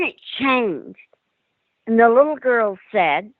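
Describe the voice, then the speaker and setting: Lively lady on a phone line telling ghost stories, tinny and dry, acts out the quotes. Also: medium pitch, measured pace, no echo. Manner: animated storyteller acting out quotes. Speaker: paranormal investigator guest. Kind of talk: storytelling in a call-in interview.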